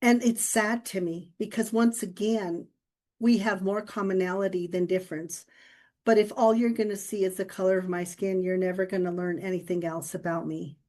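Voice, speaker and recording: A woman co-hosting a podcast, telling personal stories in a relaxed, reflective way and laughing often. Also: medium pitch, normal speed. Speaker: podcast co-host. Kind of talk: casual conversation.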